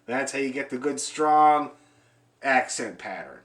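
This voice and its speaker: A man's voice: medium pitch, expressive, a little slow, a bit bright. A man teaching an online fiddle lesson over a video call, encouraging and chatty, explaining and demonstrating as he talks.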